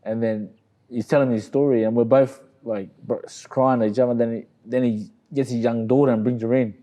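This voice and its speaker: A man's voice: medium pitch, fairly even intonation, fairly quick, mellow. A middle-aged Australian man telling a long story in a casual, rambling way, often saying "you know what I mean". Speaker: interview guest, boxer.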